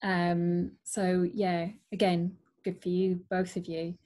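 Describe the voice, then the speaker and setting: A woman's voice: fairly low pitch, little pitch movement, slow pace, mellow. A woman hosting an interview on a video call, chatty and stumbling over words as she frames questions. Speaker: interviewer host. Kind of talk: hosted interview.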